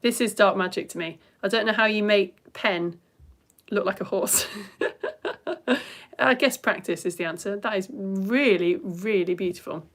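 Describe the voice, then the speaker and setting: A woman in her thirties hosting a live children's science stream, chatting bubbly and animated as she reads out viewer comments. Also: medium pitch, measured pace, slight background noise.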